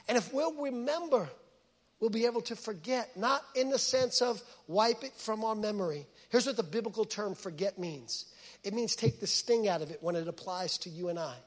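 A man with a very high, bright voice delivers an emphatic sermon, hammering words through repetition. His voice rings out in a large church hall with a long reverb trailing after each phrase. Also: lively intonation, moderate pace. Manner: emphatic, repeats words for stress. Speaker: pastor.

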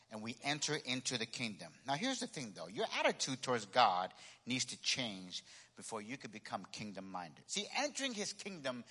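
Guy preaching in a church, bright sharp voice, big hall echo, keeps repeating his points. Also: mid-range voice. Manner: emphatic, repeats key phrases, calls for congregation responses. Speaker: pastor. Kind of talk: sermon. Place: church sanctuary.

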